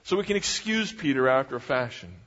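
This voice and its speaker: A man's voice: mid-range voice, animated, fairly quick, fairly bright tone. A man preaching a sermon and retelling a story, acting out the quoted lines as he goes. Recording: dull recording in a reverberant hall.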